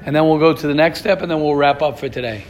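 A man with a high, light voice leads an informal Torah class. He talks in a loose, conversational way, stacks rhetorical questions one after another and often restarts his sentences. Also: fast, a little hiss or hum.

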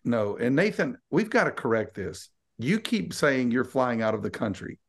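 A man's voice: mid-range voice, big pitch swings, normal speed. Male podcast co-host and preacher, teasing storyteller; mid-range voice. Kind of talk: casual chat.

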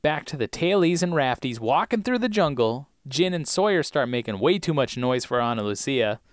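A man's voice: mid-range voice, sing-song, moderate pace, no room sound, studio quality. Playful man recapping episodes. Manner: playful, punning, acts out scenes. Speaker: podcast co-host.

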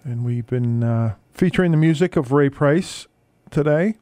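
A man hosting a radio music show, telling stories between records in a relaxed, halting way with many fillers. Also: mid-range voice, no echo.

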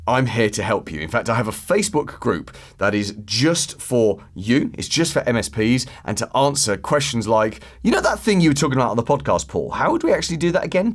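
A man hosting a solo podcast, talking casually and acting out phone calls in quick put-on voices. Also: medium pitch. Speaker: podcast host.

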